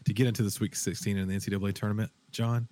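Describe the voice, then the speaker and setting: A man hosting a casual podcast chat, talking in an animated, rambling way with lots of fillers and restarts. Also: lowish voice, racing. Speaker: podcast host.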